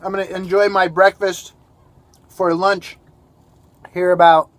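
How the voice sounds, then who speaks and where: A high-voiced man chats easily to his viewers between bites of food. His tone is relaxed and friendly, and he sometimes talks with his mouth full. The sound is close and dry, with no room echo. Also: measured pace. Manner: relaxed, chatty, talks while eating. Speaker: van life vlogger. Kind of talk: casual vlog talk to camera. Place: inside a van.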